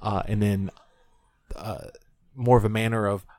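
A man in his thirties with a fairly low voice, trading playful teasing banter as co-host of a casual podcast. The sound is close and dry, with no room around it. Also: steady tone, measured pace, darkish tone, dry recording. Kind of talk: casual chat.

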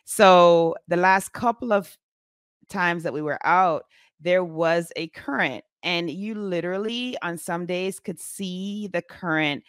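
A woman in her forties telling a story in a casual vlog, chatty and animated, with many fillers. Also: lowish voice, slow pace, clean tone, no echo, clean studio sound. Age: 40s.

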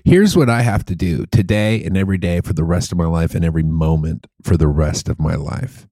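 A man's voice: low voice, a little fast, dark tone, dry recording, studio quality. A man co-hosting a casual chat, rambling loosely and laughing at his own bits.

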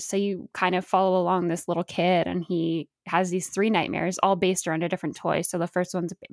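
A woman's voice: medium pitch, no echo, studio quality. A young woman co-hosting a podcast, chatting casually and upbeat, laughing often. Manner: giggly, upbeat, animated storytelling. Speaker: podcast co-host. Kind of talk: casual chat.

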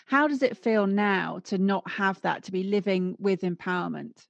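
A woman hosting a podcast, asking a guest questions in a gentle, thoughtful way. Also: mid-range voice, normal speed, vocal fry, no echo, lo-fi sound. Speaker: podcast host. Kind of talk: interview questions.

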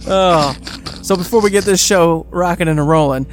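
Excitable man co-hosting a podcast. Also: high voice, moderate pace. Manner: upbeat, excitable, laughs often. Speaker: podcast co-host. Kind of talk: casual chat.

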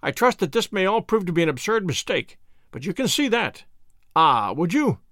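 A man's voice: high voice, sing-song, moderate pace, fairly bright tone, no room sound, studio quality. A man reading the part of a brusque, bewildered male police inspector who speaks in exclamations.

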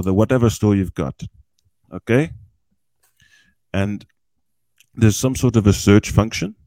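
A man's voice: lowish voice, dark tone, no echo. Folksy, chatty man explaining crypto. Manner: chatty, folksy, often checks in with "okay?". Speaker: cryptocurrency guest expert. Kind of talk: casual explanatory podcast talk. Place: podcast recording with a small group.

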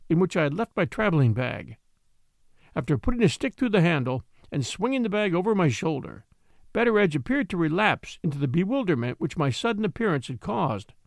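Male narrator, somewhat high voice, lively pitch, classic novel reading. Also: vocal fry, no echo, studio quality. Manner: measured, expressive storytelling. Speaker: audiobook reader.

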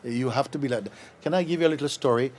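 A man teaching at a satsang, speaking gently and playfully and laughing as he tells a story. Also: medium pitch, rapid-fire, a little hiss or hum. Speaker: spiritual teacher.

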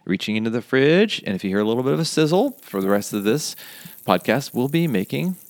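A man's voice: mid-range voice, very animated, brisk. A man hosting a casual podcast from his kitchen, chatty and easygoing, laughing often. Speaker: podcast host. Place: home kitchen.

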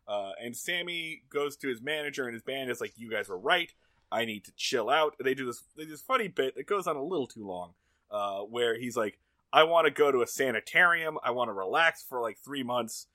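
A man co-hosting a podcast, recapping a TV episode in casual, profane banter and acting out lines in loud put-on voices. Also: mid-range voice, fairly quick, no echo. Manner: animated, acts out quotes in loud voices, profane. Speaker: podcast co-host.

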